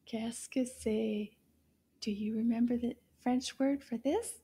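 High, slow-speaking encouraging woman teacher. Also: fairly even intonation, mellow, breathy edge. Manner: encouraging, gasps and drawn-out exclamations; repeats words slowly for children to copy. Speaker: French teacher for children. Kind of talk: children's language lesson.

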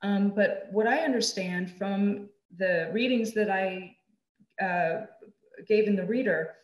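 A woman's voice: medium pitch, slow pace. Hesitant woman moderator, roomy echo. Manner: hesitant, many fillers. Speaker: seminar moderator. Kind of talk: seminar discussion.

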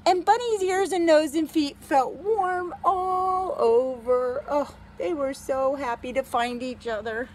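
A woman reading a picture book aloud to a child, gently and slowly, with gasps and exclamations. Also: high voice, a little hiss or hum.

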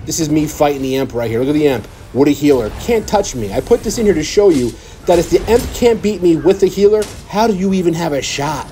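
A man's voice: on the high side, lively intonation, quick pace, dark tone, a little hiss or hum. A young man boasting and trash-talking over gameplay as a gaming channel host, in a mock-arrogant way. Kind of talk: gameplay commentary.

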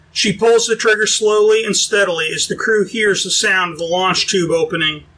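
A man narrating a science-fiction audiobook in an even, explanatory storytelling manner. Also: sits high, rough recording. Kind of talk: scripted narration.

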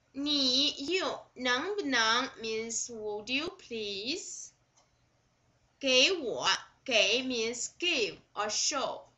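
Slow, bright-voiced Chinese-accented woman teaching. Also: on the high side. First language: Mandarin Chinese. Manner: repeats each phrase, then glosses word by word. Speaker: Mandarin teacher. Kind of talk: slow vocabulary lesson.

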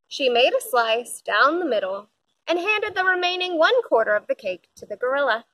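Bright, lively woman reading a storybook. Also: high voice, moderate pace, no room sound, low-quality recording. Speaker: storybook reader. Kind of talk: children's picture book read-aloud.

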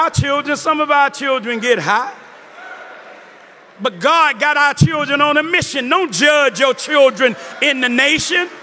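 A man, a minister giving a testimony sermon, who rises from storytelling into shouted preaching with quick asides to the audience. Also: very high voice, slight background noise. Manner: preaching, rising to shouts, call-and-response asides. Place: large hall before an audience. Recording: live hall with reverb, crowd behind.

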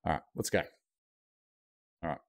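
An Australian man hosting a casual live stream, chatting while he eats. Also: normal speed. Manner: chatty, talking while eating. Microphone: streaming mic with noise gate.

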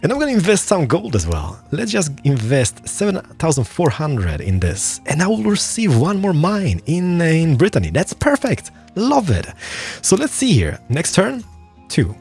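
A young man casually commentating his play through a strategy game, excitable and muttering to himself as he plays. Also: on the high side, normal speed, creaky, soft background music. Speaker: gaming YouTuber. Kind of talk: gameplay commentary.

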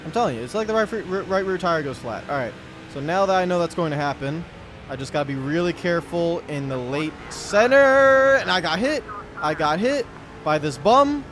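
A young man commenting on his own racing game play, muttering to himself and yelling when things go wrong. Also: a little high, normal speed, faint music behind. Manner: excitable, yells when wrecked, mutters to himself. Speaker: gaming YouTuber.

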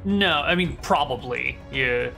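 Bright-voiced male game master. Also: mid-range voice, lively intonation, measured pace, vocal fry, soft background music. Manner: casual, describing scenes with many fillers. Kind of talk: narrating a tabletop game.

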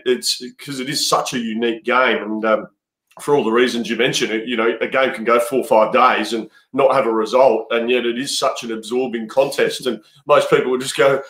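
An Australian man, a cricket coach, talking as a guest in a casual interview and telling stories in a halting way with many restarts. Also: medium pitch, fairly bright tone. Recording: roomy echo.

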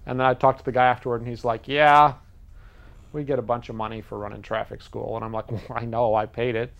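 A man's voice: mid-range voice, little pitch movement, creaky, muffled recording, slight background noise. A man hosting a public access TV show, rambling through a comic monologue and acting out both sides of conversations. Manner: rambling, self-mocking, acts out dialogue in quick voices. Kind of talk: casual comedic monologue. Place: TV studio.

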